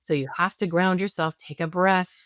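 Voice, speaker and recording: A woman's voice: on the low side, fairly even intonation, normal speed, a bit bright, dry recording. Woman parenting expert on a podcast, explains by walking through scenarios, keeps saying right?, dry close mic. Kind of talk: podcast interview.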